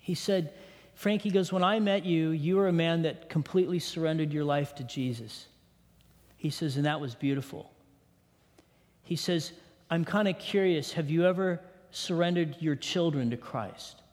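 Middle-aged male pastor, raised pitch, emotional testimony that turns hushed, reverberant hall. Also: moderate pace. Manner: emotional storytelling, drops to hushed tones. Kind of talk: sermon testimony.

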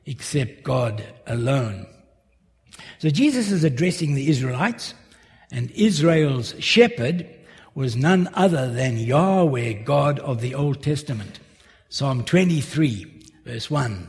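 A man preaching a sermon, slowly and carefully working through a Bible passage verse by verse. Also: medium pitch, big pitch swings, darkish tone. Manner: slow, measured expository preaching. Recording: long hall reverb.

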